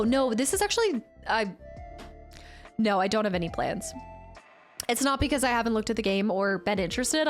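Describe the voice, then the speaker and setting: A young woman streamer chatting casually with her viewers, reading comments and laughing often. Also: fairly high pitch. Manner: chatty, laughs often, answers chat by name. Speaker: game streamer.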